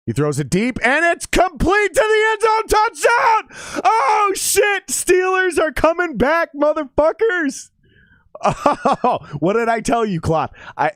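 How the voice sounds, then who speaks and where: A man's voice: on the high side, dry recording, studio quality. A man in his forties giving casual, profane live-stream commentary on a football game and chatting with his viewers.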